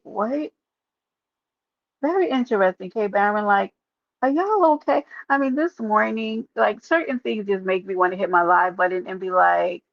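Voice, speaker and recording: Woman streamer, mid pitch, lively and direct, on a dry, slightly muffled home mic. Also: vocal fry, no echo. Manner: animated, talks straight to chat, calls out viewers by name. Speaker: live streamer. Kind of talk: casual opinion livestream.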